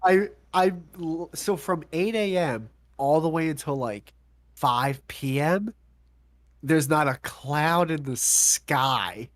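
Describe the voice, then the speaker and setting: A young man co-hosting a podcast, telling a long story in casual chat, acting out quotes with lively voices and swearing. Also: on the high side, slow, dry recording. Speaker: podcast co-host.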